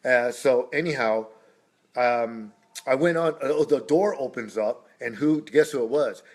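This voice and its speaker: A man's voice: medium pitch, unhurried. A middle-aged man telling rambling stories as a guest speaker, breaking off now and then to greet passersby. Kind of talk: casual storytelling.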